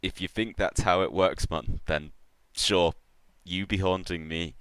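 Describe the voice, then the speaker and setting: A sly, grinning catfish-man who trades in souls, as a man puts him on for a tabletop game. He drawls folksy and easy, higher and louder than the game master's own very deep voice, smooth and dry. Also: fairly even intonation, unhurried, dry recording. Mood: amused. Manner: drawling folksy speech, calls everyone man. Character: gurgling catfish-man soul collector, sly and jovial.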